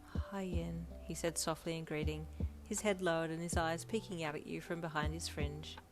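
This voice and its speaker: A woman narrating a fanfiction audiobook in a steady storytelling manner. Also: sits low, a little fast. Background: faint lo-fi music.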